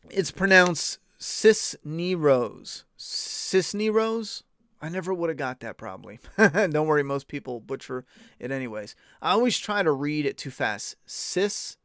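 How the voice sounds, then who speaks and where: A man's voice: fairly high pitch, big pitch swings, measured pace, pauses often, fairly bright tone, dry recording. A man hosting a casual stream, talking bluntly and profanely in a rambling way. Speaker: podcast host. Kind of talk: casual live-stream chat.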